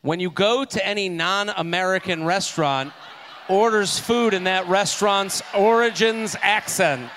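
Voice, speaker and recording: A man's voice: high voice, unhurried, fairly bright tone. A man hosting a live comedy show, joking and swearing as he banters with the crowd. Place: live venue with audience.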